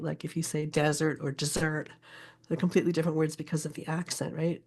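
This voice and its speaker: An older woman who is a poet and teacher explains her subject in a casual interview. Her voice is deep and mellow, and she is thoughtful, often pausing to search for words.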